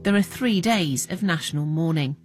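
A woman narrating a documentary in a measured, even scripted read. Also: low voice, over loud music.

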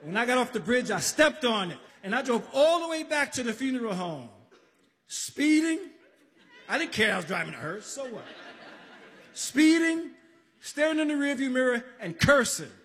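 High-voiced New man telling a story. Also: quick pace, few pauses. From the Bronx, New York. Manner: animated, acts out voices, shouting and laughing. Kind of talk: live storytelling on stage. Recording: live stage recording in a reverberant hall.

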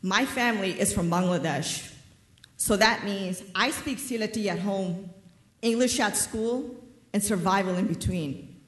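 A woman in her thirties from New York telling a personal story on a theater stage, measured and wryly funny. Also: medium pitch, fairly bright tone. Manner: wry, measured storytelling with dry humor. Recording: roomy theater reverb.

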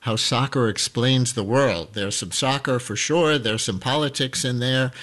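A man hosts a call-in radio program from a studio microphone. His voice sits at an ordinary middle pitch. He talks in a steady conversational flow and stretches out phone numbers slowly and emphatically. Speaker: radio host.

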